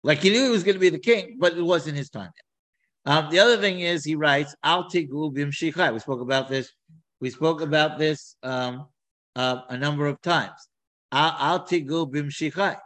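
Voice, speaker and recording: Animated man teaching scripture. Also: fairly high pitch, moderate pace, poor audio. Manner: animated, with many repeats and restarts. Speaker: Torah teacher. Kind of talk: explaining scripture in a class.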